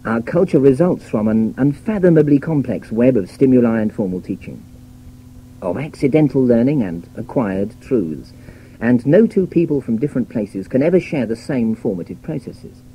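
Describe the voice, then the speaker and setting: Dark-voiced British man giving a radio talk. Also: medium pitch, expressive, poor audio. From Britain. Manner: measured, wry, lecturing delivery. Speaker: radio essayist. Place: radio studio. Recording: old radio broadcast with faint hum.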